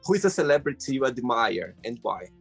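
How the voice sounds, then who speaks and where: A man's voice: mid-range voice, big pitch swings, fairly quick, vocal fry, breathy edge, soft background music. A male host of a casual interview show, friendly and teasing, who retells stories by acting out what people said.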